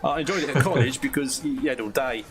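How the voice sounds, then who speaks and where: A man's voice: mid-range voice, fast talker, a loud crowd. A man with a South London accent hosting a casual chat, friendly and calling his guest mate. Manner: friendly, says mate often. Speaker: podcast host.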